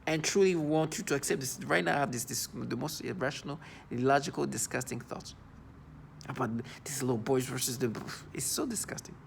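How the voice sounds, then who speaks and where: Gravelly, halting man venting on camera. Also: mid-range voice, fairly even intonation, slight background noise. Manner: halting, full of restarts and fillers; agitated and disgusted. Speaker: vlogger. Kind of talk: personal video monologue.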